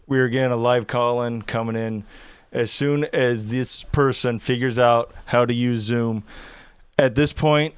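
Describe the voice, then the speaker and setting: A man's voice: mid-range voice, steady tone, unhurried, smooth, no echo, clean studio sound. A man giving live curling commentary, joking and hyping events up like mock breaking news. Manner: playful, mock-dramatic breaking-news hype.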